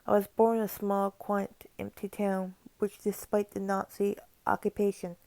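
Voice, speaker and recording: Gravelly, flat-voiced woman reading horror. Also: medium pitch, normal speed, no room sound. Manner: reads with stumbles and casual asides. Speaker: creepypasta narrator. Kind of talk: reading a horror story aloud.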